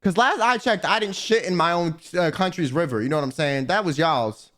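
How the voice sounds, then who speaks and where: A man's voice: on the high side, brisk, a bit bright. A young American man streaming, arguing with his chat in a profane, combative way. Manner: profane, argumentative, answering chat. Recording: music playing behind.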